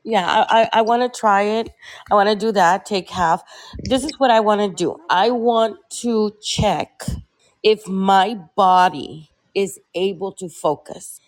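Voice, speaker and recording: A woman talking in a casual discussion, halting often and restarting her words as she searches for them. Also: medium pitch. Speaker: panel guest.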